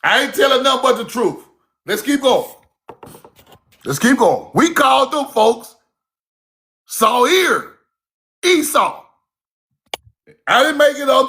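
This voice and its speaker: A man giving a casual, fiery online lecture, cussing freely, repeating himself and shouting key words. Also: very high voice, big pitch swings, measured pace, pauses often. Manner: laughs at own points.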